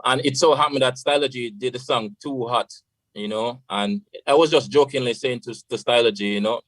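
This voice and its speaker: A man's voice: medium pitch, a little fast, fairly bright tone, no echo, poor audio. A Jamaican man, a radio guest, tells a long story in a loose, casual way, slipping into patois and saying "you know" often. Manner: rambling, full of "you know" and patois phrases.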